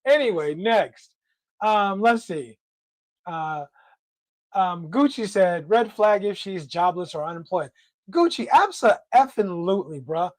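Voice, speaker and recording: A man's voice: high-pitched, sing-song, slow, dry recording. Blunt slangy man hosting a livestream. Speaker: livestream host. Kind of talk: casual livestream discussion.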